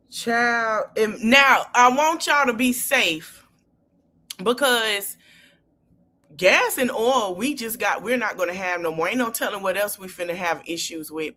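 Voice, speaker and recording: A woman hosting a podcast talks in an impassioned, casual way, swinging between low murmurs and loud, high outbursts.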